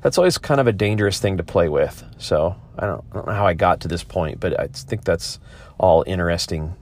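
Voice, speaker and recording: A man's voice: deep voice, fairly quick, slight background noise. A man hosting a podcast, talking in a rambling, thoughtful way with many restarts. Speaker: podcast host. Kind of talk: casual monologue.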